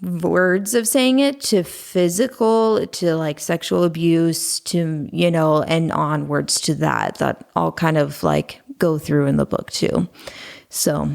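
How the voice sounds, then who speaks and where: A woman in her thirties, a podcast guest, talking openly and calmly about her past, with many fillers. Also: low-pitched, takes it slowly, gravelly. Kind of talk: candid conversational interview.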